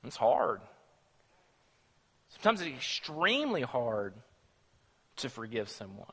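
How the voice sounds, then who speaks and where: A man's voice: medium pitch, sing-song, takes it slowly, fairly bright tone, husky, in a large hall. A man preaching a sermon to his congregation, emphatic and full of rhetorical questions.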